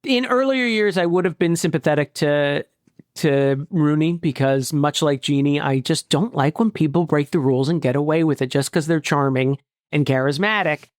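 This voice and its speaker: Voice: medium pitch, normal speed, dry recording. A podcast co-host in casual movie-review chat, wry and self-mocking, rambling with fillers on a close mic.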